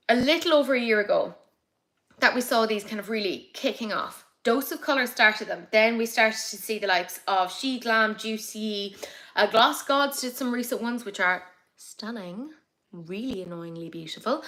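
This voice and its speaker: Woman, young, makeup livestream host, chatty, excitable, bright tone. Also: fairly high pitch. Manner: chatty, excitable, swears casually. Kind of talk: casual live chat reading comments.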